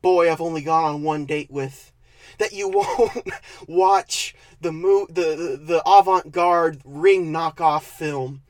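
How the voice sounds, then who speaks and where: A vlogger mimicking a young woman who quietly begs her date, in a dry close recording. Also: mid-range voice, slow, dry recording, voice pushed down, lightly acted. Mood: mock pleading.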